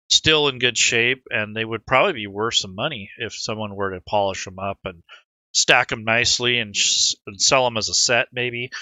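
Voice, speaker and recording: A man with a medium-pitched voice and no room sound acts as game master in an online tabletop game. He narrates scenes in a relaxed, rambling way and talks the players through the rules.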